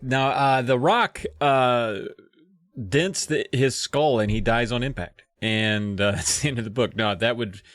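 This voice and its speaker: A man's voice: medium pitch, a little slow, a bit bright, dry recording. A man co-hosting a podcast in casual chat, with dry, joking, laid-back remarks. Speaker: podcast co-host.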